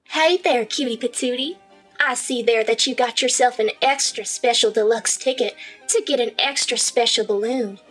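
A woman's voice: sits high, a bit bright, breathy edge, full character voice. A woman playing a cooing Southern clown girl. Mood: doting.

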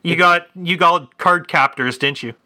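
A man's voice: a little high, measured pace, pushed and bright. A man co-hosting a podcast in casual chat, cracking crude jokes and stammering on his starts. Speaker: podcast co-host.

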